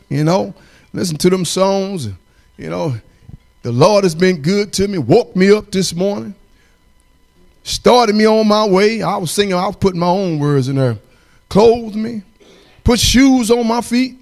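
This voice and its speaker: A man's voice: sits high, unhurried, gravelly, a little mellow. A man preaching a fervent, folksy sermon in a church, chuckling and breaking into song.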